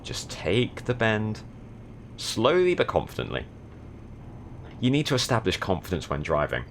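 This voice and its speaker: A man's voice: on the low side, huge pitch swings, measured pace, a little hiss or hum. A young man from the south of England chatting casually while streaming a driving game, with dry, sardonic commentary. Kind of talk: casual gaming stream chat.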